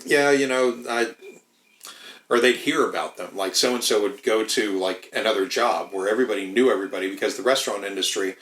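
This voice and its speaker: Man, lowish voice, rambling profane podcast chat, echoey room. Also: brisk, a bit bright. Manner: rambling, profane, many restarts.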